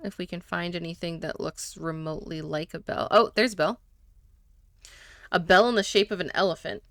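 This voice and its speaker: A woman's voice: on the low side, fairly even intonation, normal speed, fairly bright tone, dry recording, studio quality. Chatty woman streaming a game. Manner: chatty asides to viewers. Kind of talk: game playthrough commentary.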